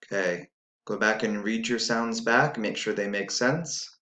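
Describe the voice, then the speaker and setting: A man's voice: fairly low pitch, unhurried, sharp tone. A man teaching a spelling lesson, dictating sounds and words patiently and spelling letters out one by one. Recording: echoey room.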